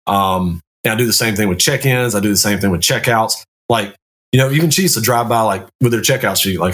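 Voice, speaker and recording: Low-voiced, candid Navy master chief. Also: male voice, brisk, a bit bright. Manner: candid, profane, explaining step by step. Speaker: podcast guest, Navy command master chief. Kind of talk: casual podcast chat.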